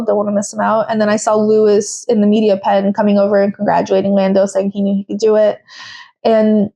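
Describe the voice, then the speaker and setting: A woman's voice: mid-range voice, warm tone. A young woman hosting a podcast, chatting casually and with strong opinions, full of fillers. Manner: chatty, opinionated, with frequent fillers and quoted voices. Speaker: podcast host. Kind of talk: casual solo recap chat.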